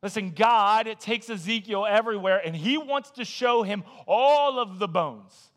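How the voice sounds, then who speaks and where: Guy preaching, pretty high voice, super conversational, acts out his stories, keeps saying "man" and "listen". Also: unhurried. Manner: animated storytelling with acted quotes. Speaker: guest preacher. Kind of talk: sermon.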